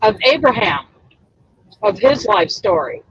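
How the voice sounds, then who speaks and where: A woman hosting a casual livestream chat as a crochet pattern designer, chatty and excitable. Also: mid-range voice, a little slow, a little hiss or hum, low-quality recording. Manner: chatty and excitable, exclaims often.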